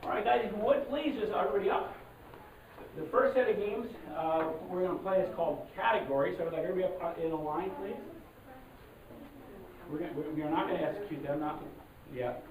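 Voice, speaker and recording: A member of an improv troupe warming up a live audience, talking haltingly with many fillers and restarts and loudly calling out cues to the crowd. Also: medium pitch, background noise. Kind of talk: live audience warm-up talk. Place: live show venue. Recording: distant, roomy, muffled live recording. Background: audience ambience.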